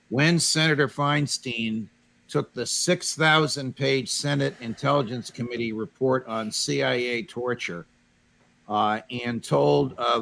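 A show host runs an online roundtable over a remote call, telling energetic anecdotes and putting pointed questions to his guests. His voice is creaky and medium-pitched.

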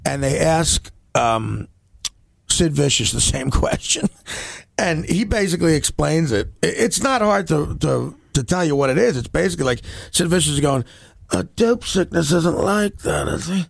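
Gravelly, fairly high male comedian guest, rambling storyteller, dry close sound. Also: animated, moderate pace, no echo. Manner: rambling anecdotes, acts out other people's voices. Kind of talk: storytelling on a talk show.

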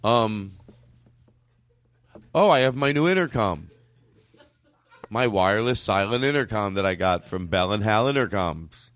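A man's voice: lowish voice, animated, measured pace, long pauses, a bit bright, no room sound. A man hosting a casual podcast chat, telling rambling stories and swearing freely. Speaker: podcast host.

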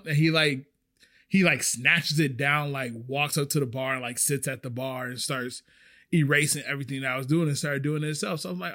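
A man casually telling a story about his restaurant job, animated and swearing freely. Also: on the high side, a little fast. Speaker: restaurant server.

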